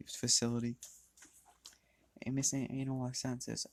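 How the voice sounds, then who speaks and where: A man's voice: medium pitch, flat delivery, moderate pace, long pauses, a little hiss or hum. Rambling, swearing male fan storyteller. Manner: rambling, swears, restarts often. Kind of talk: casual fan story narration.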